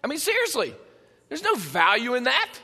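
A man preaching a sermon in a conversational, animated way, with joking asides to his congregation. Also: extremely high pitch, moderate pace, gravelly, in a large hall. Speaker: pastor. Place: church sanctuary.

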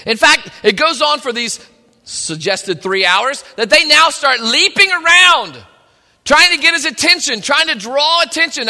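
A man's voice: very high-pitched, expressive, unhurried, pushed and bright, in a large hall. A man preaching a sermon, reading scripture and retelling it in casual modern speech.

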